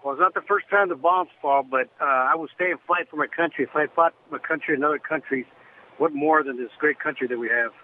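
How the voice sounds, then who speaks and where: A man's voice: a little high, fast, slight background noise. A man calling in to a radio show over the phone, earnest and polite. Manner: earnest and polite, says sir. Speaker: radio caller. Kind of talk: phone-in call. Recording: phone line.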